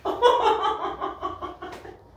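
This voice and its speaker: A woman's voice: very slow, distant mic, background noise. A woman reacting as a chiropractic patient, exclaiming and laughing between her words in a clinic treatment room. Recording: echoey room.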